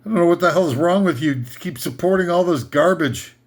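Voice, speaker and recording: A man's voice: fairly high pitch, brisk. A man doing an improvised comedy rant, sarcastic and rambling, laughing at his own jokes. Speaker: comedic ranter.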